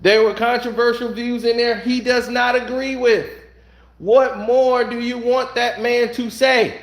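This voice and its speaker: High-pitched dude ranting from his house, mad and blunt, lots of "what more do you want" questions. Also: steady tone, measured pace. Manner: angry, blunt, rhetorical questions. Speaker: online commentator. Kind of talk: heated solo commentary rant. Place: at home.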